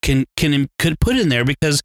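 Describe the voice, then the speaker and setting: A man's voice: on the high side, big pitch swings, moderate pace, no echo. A middle-aged man co-hosting a casual podcast chat, wry and laughing often with nerdy enthusiasm. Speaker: podcast co-host.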